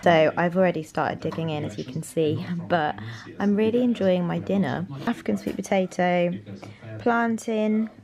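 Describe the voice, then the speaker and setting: Chatty young woman vlogging, low voice. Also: moderate pace, darkish tone, reverberant, rough recording. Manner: chatty, rambling, full of "like". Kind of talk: casual chatty vlog.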